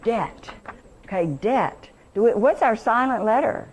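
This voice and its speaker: A woman's voice: fairly high pitch, lively intonation, a little slow. A middle-aged woman teacher leading an interactive workshop lesson, enthusiastic and quizzing her audience.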